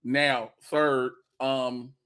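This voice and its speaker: A man's voice: mid-range voice, little pitch movement, extremely slow, fairly bright tone, clean tone. A man co-hosting a podcast in emphatic, wry casual chat. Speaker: podcast co-host.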